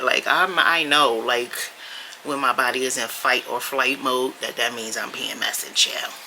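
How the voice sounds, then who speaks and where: A very bright-voiced woman vlogger chats straight to her camera in a blunt, sassy way. The recording carries a faint background hiss. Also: rumbling low, fairly even intonation, normal speed, poor audio. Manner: chatty, blunt and sassy, with frequent laughs and mild swearing. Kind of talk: casual chat to camera.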